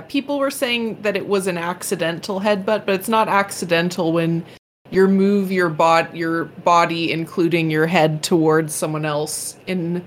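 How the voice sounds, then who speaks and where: A woman's voice: on the low side, a little hiss or hum. Chatty opinionated woman. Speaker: podcast co-host. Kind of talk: casual chat.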